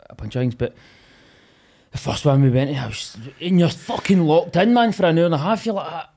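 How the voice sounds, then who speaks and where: A young Scottish man chatting as a podcast guest, swearing freely and laughing through animated stories. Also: fairly high pitch, brisk, creaky. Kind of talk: casual chat.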